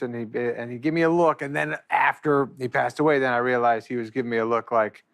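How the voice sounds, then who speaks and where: A man fondly recalling a past tour in a casual way, often trailing off quietly. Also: mid-range voice, steady tone, fairly quick, vocal fry, few pauses. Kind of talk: casual reminiscing.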